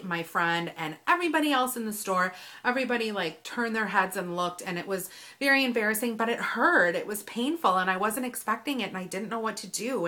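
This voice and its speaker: In a casual vlog, a woman in her thirties who does beauty content chats openly to the camera, dropping in lots of fillers. She speaks at medium pitch with a pushed, bright quality.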